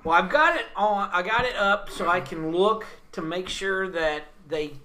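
A man's voice: sits high, moderate pace, pushed and bright. A man on a casual podcast who jokes, swears and uses sarcasm. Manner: joking, crude, sarcastic. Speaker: podcast co-host.

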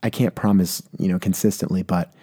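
A man's voice: low voice, steady tone, brisk, dark tone, husky. A young man hosting a casual solo podcast, rambling and self-deprecating, a little congested from a cold. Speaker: podcast host.

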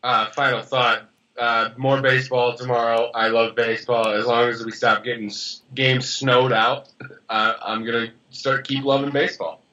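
Male podcast co-host, bright sharp tone, laid-back, quick asides. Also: mid-range voice, flat delivery, lo-fi sound. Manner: laid-back, laughs often, chimes in briefly. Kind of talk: casual sports podcast chat.

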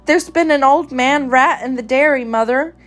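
A worried little kitten blurts out his report in a raised, higher voice, as a woman reading a storybook puts him on. He sounds small and eager. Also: normal speed, fairly bright tone. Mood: alarmed. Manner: crying out, tattling.

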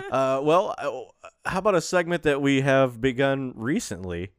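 A man's voice: mid-range voice, slow pace, clear, resonant tone, no room sound, studio quality. A man co-hosting a podcast in a casual, jokey chat, laughing often and rambling through his stories. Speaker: podcast co-host.

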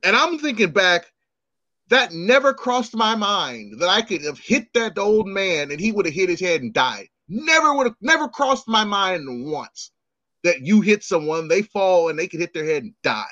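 Telling stories on his podcast in a casual chat, a middle-aged host is animated, voices the people in his tales, and swears freely. His voice sits high at a moderate pace, on a muffled recording without echo.

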